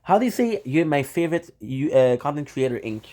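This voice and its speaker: A man's voice: on the high side, very animated, a little fast, noisy background. A man live-streaming, rambling playfully and talking straight to his viewers. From Canada. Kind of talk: casual live-stream chat.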